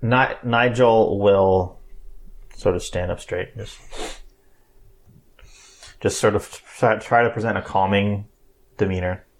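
A man's voice: on the low side, fairly even intonation, slight background noise. A man describing his character's actions in a tabletop game, speaking hesitantly with restarts. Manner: hesitant, halting, restarts sentences. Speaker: player.

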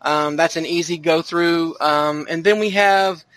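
A man with a fairly high voice hosts a casual podcast, steering the talk with quips and easy laughter. The sound is dry and close, with no room around it. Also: fairly even intonation, measured pace, fairly bright tone, dry recording. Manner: jokey, leads the discussion. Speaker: podcast host. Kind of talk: casual chat about a TV trailer.

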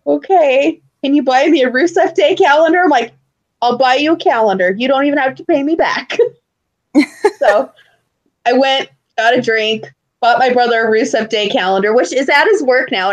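Animated young woman telling stories. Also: high-pitched, normal speed. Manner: animated storyteller who acts out loud quotes. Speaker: podcast co-host. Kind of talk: casual chat.

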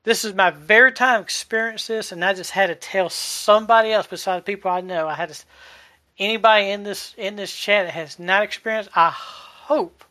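40s guy telling his faith story, keeps restarting, bright tense voice, dry sound. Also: high-pitched, no echo. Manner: halting, searching for words, many restarts. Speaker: delivery driver sharing a testimony. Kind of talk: emotional personal testimony in a live chat.

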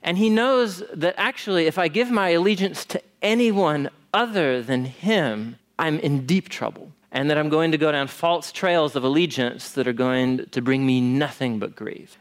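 A male pastor with a voice pitched somewhat high for a man delivers a conversational sermon. He talks in an animated way, often turning to his listeners with rhetorical questions.

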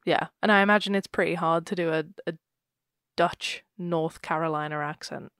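A woman retells a ghost story on a podcast she co-hosts, chatting casually and often laughing. Her low-side voice is clear, resonant and a bit bright, with fairly even intonation at a moderate pace. There's no room sound, just clean studio audio.

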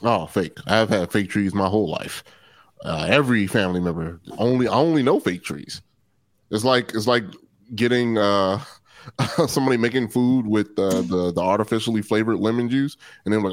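Deadpan man with a low voice, dry mic. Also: normal speed, no room sound. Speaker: podcast producer. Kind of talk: casual podcast banter.

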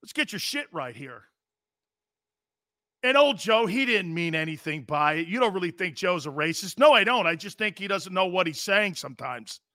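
A man's voice: high voice, expressive, normal speed, sharp tone, dry recording, studio quality. A man hosting a live sports talk show, ranting in a blunt, profane, repetitive and heated way.

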